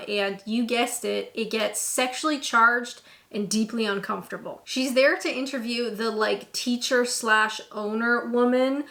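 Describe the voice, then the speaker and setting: A young woman talks through a movie recap in a sharp, sarcastic tone. Her voice is bright and crisp and sits a little high. Everything she says comes out with snark. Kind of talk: casual comedic movie recap.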